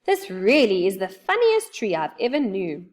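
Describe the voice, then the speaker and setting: A woman's voice: mid-range voice, moderate pace. A woman voicing a cheerful, amused young girl in a storybook reading. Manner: amused, lively.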